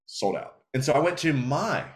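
Animated, slightly tipsy podcast host. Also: male voice, medium pitch, normal speed. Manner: animated, profane storytelling. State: a little tipsy and slurring. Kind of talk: casual podcast chat.

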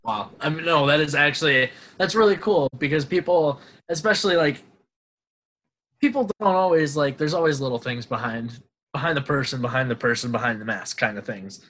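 A man hosting a casual interview, reacting in an excitable, exclamatory way and laughing often. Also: fairly high pitch, fairly quick. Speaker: host, interviewer.

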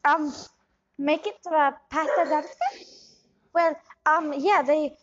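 A woman's voice: sits high, steady tone, takes it slowly, highs cut off, noisy background. A woman improvising a shady scam doctor who rambles, hesitates and drifts between put-on accents. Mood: rambling. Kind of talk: improv comedy scene.

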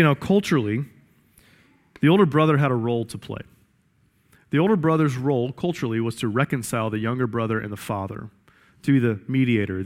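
Man preaching a sermon, emphatic, repeats himself, big echoey hall. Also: medium pitch. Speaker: pastor.

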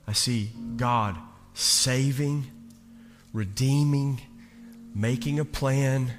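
A man in his thirties preaching a sermon as pastor, slow and emphatic, building to loud peaks. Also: medium pitch, steady tone. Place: church sanctuary. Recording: long reverb of a large hall. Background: soft instrumental music.

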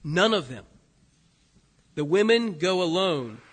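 Man, preacher, high bright voice, animated sermon, church hall reverb. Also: slow. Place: church sanctuary.

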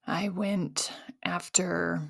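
Slow-talking woman hosting a podcast. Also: lowish voice, fairly even intonation, creaky, dry recording, clean studio sound. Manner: candid, self-mocking storytelling with casual fillers. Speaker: podcast host. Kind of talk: solo podcast monologue.

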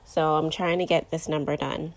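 A woman's voice: low-pitched, little pitch movement, moderate pace. A woman in her thirties hosting a podcast, talking candidly and emotionally through fillers and restarts, close to tears as she speaks. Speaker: podcast host. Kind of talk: personal podcast monologue.

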